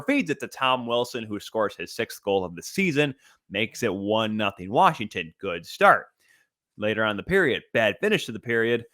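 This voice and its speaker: A man with a lowish voice talks through the game in a lively, chatty recap, full of asides and quick restarts. His voice sounds dry and close, with no room around it. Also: no room sound. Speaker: podcast host. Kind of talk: solo sports podcast recap.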